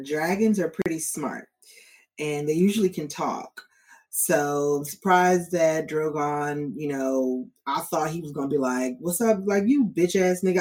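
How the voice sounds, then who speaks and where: A woman in casual chat about a TV show, expressive and profane, acting out quotes. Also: deep voice.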